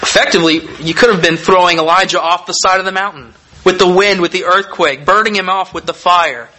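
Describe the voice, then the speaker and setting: A man preaching a sermon, reading scripture aloud and explaining it in a measured, deliberate way with emphatic pauses. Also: sits high, pushed and bright, low-quality recording.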